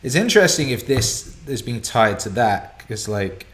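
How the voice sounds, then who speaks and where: A man hosting a live viewer Q&A broadcast from a home studio, excitable and profane, laughing and rambling as he reads out questions. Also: mid-range voice, moderate pace, roomy sound. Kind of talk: casual live-stream chat, reading viewer questions.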